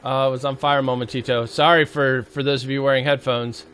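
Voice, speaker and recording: A man's voice: mid-range voice, little pitch movement, brisk, a bit bright, smooth. A man giving jokey, casual commentary while livestreaming a survival game, bantering with his chat. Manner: playful, jokey, talks to chat and to the zombies. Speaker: game streamer. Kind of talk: casual live gameplay commentary.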